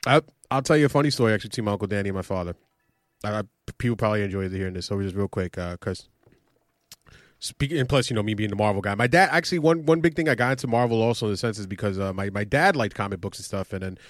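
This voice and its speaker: A man co-hosting a casual sports podcast, an animated storyteller who talks quickly. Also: on the low side, no echo, clean studio sound. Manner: animated storyteller, quick, acts out relatives' voices. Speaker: podcast co-host.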